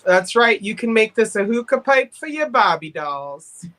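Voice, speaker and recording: A woman's voice: fairly high pitch, very animated, normal speed, a bit bright, rough recording. A woman hosting a live vintage sale, chatting and joking often. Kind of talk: casual sales chat.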